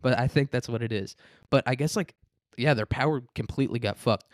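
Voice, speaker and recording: A man's voice: medium pitch, brisk, no echo. A young man riffs crudely on news stories, rambling and swearing as he goes. His voice sits mid-range. The recording is close and dry. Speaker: host. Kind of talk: profane comedic news commentary.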